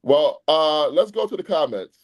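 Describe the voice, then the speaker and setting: A man's voice: on the high side, lively intonation, normal speed. A man hosting a boxing podcast in casual chat, blunt and exasperated, swearing at his co-host.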